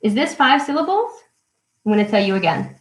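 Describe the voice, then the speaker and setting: A young woman teaching English poetry to children in a live online lesson, speaking slowly and clearly and cheering them on. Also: a little high, very animated, echoey room, rough recording. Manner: encouraging, slow and clear, counting syllables aloud. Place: at home.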